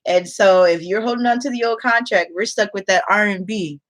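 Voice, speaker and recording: A chatty young woman hosts a casual livestream as an online English teacher. She talks loosely and conversationally, greets viewers and answers their comments, and laughs easily between thoughts. Her voice sits at an ordinary middle pitch for a woman. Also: brisk.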